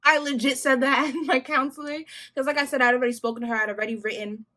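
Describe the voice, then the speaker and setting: A young adult woman vlogger telling a story in a casual, animated, slangy way, addressing viewers directly. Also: high voice, fast.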